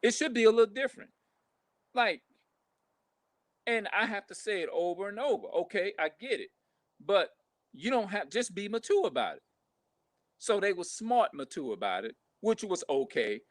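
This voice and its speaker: A man's voice: sits high, sing-song, normal speed, long pauses, dry recording. Profane ranting man, dry close sound. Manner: rough, profane, repetitive, frustrated. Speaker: vlogger. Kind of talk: casual ranting monologue.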